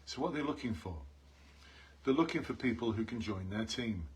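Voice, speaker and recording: A man with a medium-pitched, slightly rough voice coaches police job applicants on a live stream, speaking briskly with lively intonation. He's earnest, repeats the key points, and keeps calling out to his audience.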